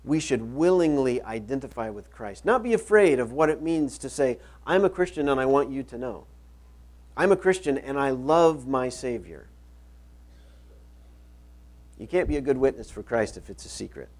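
A man's voice: mid-range voice, expressive, moderate pace, darkish tone. A middle-aged male pastor preaching a sermon, reading scripture aloud and repeating key phrases for emphasis.

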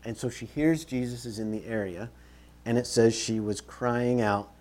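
A man's voice: mid-range voice, normal speed, slight background noise. Conversational man preaching a sermon. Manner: conversational, animated, repeats phrases for emphasis; moves around while preaching. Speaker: pastor.

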